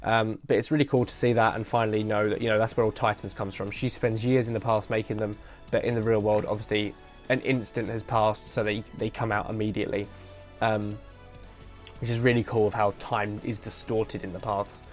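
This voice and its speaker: A man's voice: fairly low pitch, level tone, fairly quick. Tired loopy guy rambling on a headset podcast, jokey, faint music behind. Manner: rambling, self-deprecating, jokey. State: tired and loopy late at night. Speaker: podcast host. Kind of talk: casual solo commentary.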